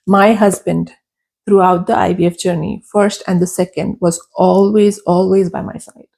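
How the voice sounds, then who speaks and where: A woman's voice: lowish voice, little pitch movement, moderate pace, gravelly, warm tone, husky. A young adult woman, a podcast guest, telling her personal story candidly and emotionally, repeating phrases for emphasis.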